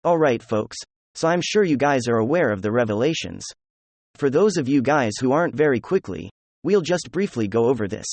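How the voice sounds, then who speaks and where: A man's voice: mid-range voice, lively intonation, moderate pace, a little mellow, dry recording. A man commenting on political news who reads quotes aloud and talks straight to his viewers.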